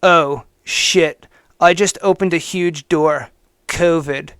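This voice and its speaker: A man putting on a lower voice to mock a hateful young male online ranter, reading his post slowly and with heavy, sneering emphasis. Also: fairly even intonation, fairly bright tone, clean tone, no room sound, studio quality.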